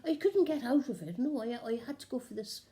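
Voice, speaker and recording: A woman's voice: high-pitched, sing-song, brisk, mellow. A woman playing a cheeky, gossiping nun in a chatty, improvised comic monologue, giggling often. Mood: giddy gossip.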